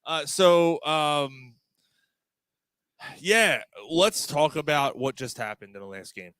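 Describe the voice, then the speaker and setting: A man hosting a sports podcast with a bright, forceful voice that sits a little high. He jokes loudly and swears freely, recorded dry and close to the mic. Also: takes it slowly, clean tone, no echo. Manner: loud, crude, laughing banter. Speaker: podcast host. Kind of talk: casual bar-style sports chat.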